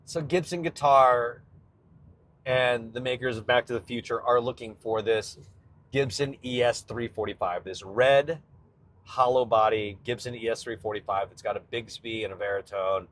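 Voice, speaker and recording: A man's voice: medium pitch, moderate pace, a bit bright. A male comedian hosting his own show, chatting casually and rambling about a film's guitar with nerdy enthusiasm, often cutting himself off mid-sentence. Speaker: comedian podcast host. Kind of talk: casual solo chat. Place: in a car on a road trip.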